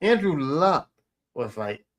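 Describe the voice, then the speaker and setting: A man's voice: on the high side, very animated, slow. A middle-aged man hosting his own podcast, talking in a blunt, rambling way and swearing casually. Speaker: podcast host. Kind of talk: casual solo podcast monologue.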